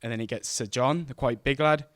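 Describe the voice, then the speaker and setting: A man's voice: medium pitch, fairly quick, background noise. Man telling a live story. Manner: animated, self-mocking, acts out the scenes. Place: stage at a live event.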